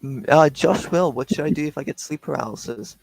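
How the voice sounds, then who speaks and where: Gravelly, mumbling man from Australia. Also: a little high, brisk, darkish tone, low-quality recording. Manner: mumbling, trails off and restarts. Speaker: co-host answering viewer questions. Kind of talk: casual live-stream chat.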